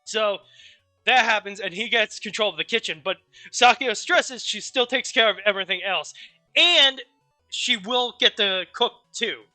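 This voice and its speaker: A man streamer casually recapping a story, rambling and animated, with offhand swearing. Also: high-pitched, normal speed, no echo, soft background music.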